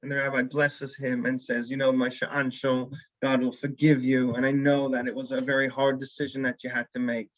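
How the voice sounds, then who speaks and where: A man's voice: mid-range voice, normal speed, hardly any pauses, no echo, lo-fi sound. A man teaching a weekly Torah class as a rabbi, telling a story and acting out the characters' lines. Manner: animated storyteller who acts out characters' lines.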